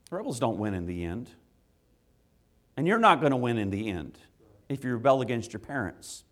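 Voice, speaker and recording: A man, a father, preaching a sermon to children, swinging from loud impassioned rises to quiet earnest asides. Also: mid-range voice, very animated, normal speed, long pauses. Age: adult with children. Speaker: pastor.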